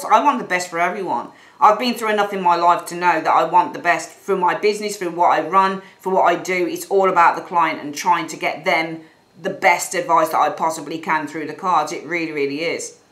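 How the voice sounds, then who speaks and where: A woman's voice: fairly low pitch, a bit bright, echoey room, low-quality recording. A woman giving a tarot reading, blunt and frank, swearing casually and repeating herself. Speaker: tarot reader. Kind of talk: monthly tarot reading, ranting aside.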